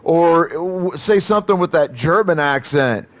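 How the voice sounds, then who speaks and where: High, lively-voiced male streamer. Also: measured pace. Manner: rambling, profane, with frequent restarts. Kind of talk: casual live-stream chat.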